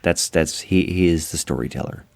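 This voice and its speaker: A man co-hosting a podcast, chatting casually about movies, animated and jokey. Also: low voice, moderate pace, creaky, dry recording. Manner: animated, jokey, acts out quotes. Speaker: podcast co-host. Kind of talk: casual movie review chat.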